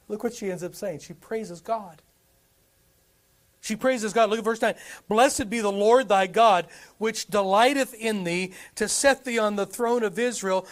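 A man preaching a sermon, reading scripture aloud and asking the congregation rhetorical questions. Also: high voice. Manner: animated, asks many rhetorical questions, reads scripture aloud.

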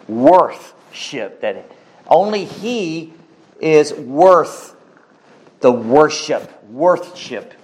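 Slow, emphatic male preacher. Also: medium pitch. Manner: slow, emphatic preaching with rising outbursts and repeated phrases. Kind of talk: sermon.

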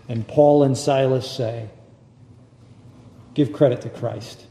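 Slow, echoey man preaching a sermon. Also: medium pitch, steady tone, vocal fry, dark tone. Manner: measured, dramatic preaching with long pauses. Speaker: pastor. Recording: echoey hall with long reverb.

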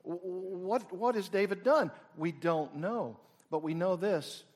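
A middle-aged man preaching a sermon, swinging from loud exclamations down to near whispers. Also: high-pitched, takes it slowly. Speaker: pastor.

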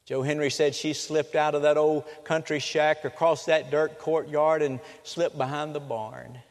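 A man preaching a sermon with dramatic storytelling, changing pace and loudness. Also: fairly high pitch, flat delivery, unhurried. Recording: long reverb of a hall.

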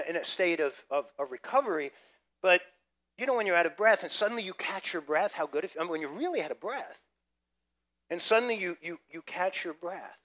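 A man preaching a sermon, lively and conversational, swinging between loud emphasis and quiet asides. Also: sits high. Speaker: pastor.

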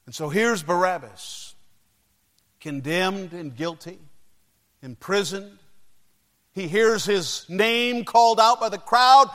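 Male preacher, high and bright, slow dramatic delivery, big hall reverb. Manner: dramatic storytelling with sudden shouted crowd cries and hushed lows. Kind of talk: sermon. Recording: long reverb of a large hall.

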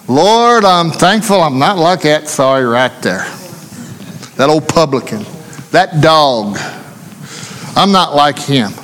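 A man voicing a proud, arrogant Pharisee who boasts in prayer, raising his pitch for the part. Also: expressive, slow, pauses often, fairly bright tone, slight background noise. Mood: smug. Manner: boastful, self-righteous. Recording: long hall reverb.

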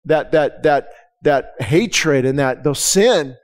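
A man's voice: a little high, slow pace. A man preaching a conversational sermon to his congregation, candid and emphatic, often repeating words and asking the room direct questions. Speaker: pastor. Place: church service.

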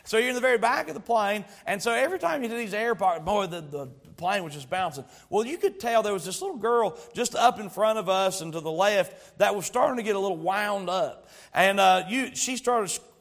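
A man's voice: sits high, brisk, vocal fry, hardly any pauses. A man preaching a sermon as a pastor, stretching out key words for emphasis and telling stories with humor. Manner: storytelling with humor.

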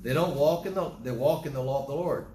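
A man preaching a Bible teaching sermon, animated and quizzing his congregation. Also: on the high side, fast, slight background noise. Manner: animated, asks the congregation questions. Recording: echoey room, faint ambience.

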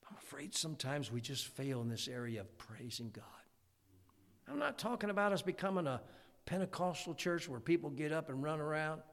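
A man preaches to his congregation in a folksy, animated way, his voice sitting a little high. A long reverb trails each phrase through the church sanctuary. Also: brisk. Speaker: pastor. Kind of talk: sermon.

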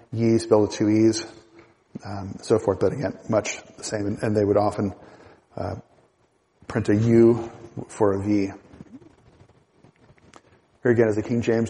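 A middle-aged man teaching a Bible class in a relaxed, halting way, with fillers and restarts. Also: on the low side, big-room sound, low-quality recording. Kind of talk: church class lecture.

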